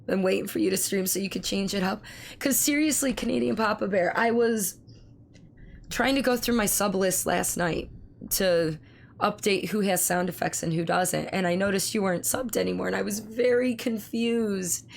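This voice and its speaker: A woman streamer in casual live-stream chat, with a hoarse, strained voice, who swears freely and talks back to her chat. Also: mid-range voice, moderate pace, a little hiss or hum. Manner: chatty, swears freely, reads chat aloud.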